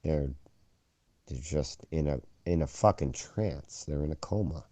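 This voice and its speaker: A man hosting a profane conspiracy chat show, ranting and swearing, now and then shouting mockery. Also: extremely low pitch, a little slow, no echo. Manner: ranting, swears a lot, swings loud and mocking.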